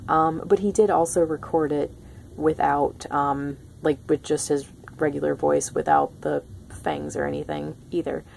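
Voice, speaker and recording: Low gravelly-voiced woman gushing about a film. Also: steady tone, a little slow, darkish tone, a little hiss or hum. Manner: chatty and gushing, many ums and restarts. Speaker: book and film vlogger. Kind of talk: casual spoiler-free film review.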